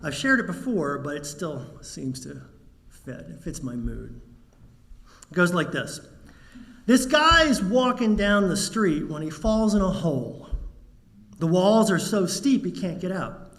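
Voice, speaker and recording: A man preaching a sermon to his congregation, measured and wry, telling a joke before turning serious. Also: sits high, very animated, creaky, a bit bright. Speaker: minister.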